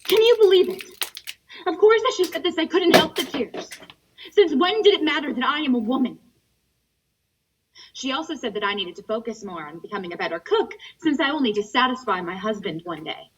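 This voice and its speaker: A woman's voice: on the high side, expressive, a little fast, a bit bright, far from the mic, a little hiss or hum, rough recording. A young woman student actor voicing an aspiring writer who pours her frustration into a letter, in an emotional monologue over a video call. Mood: indignant. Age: young adult. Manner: indignant, emotional. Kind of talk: dramatic monologue reading a letter.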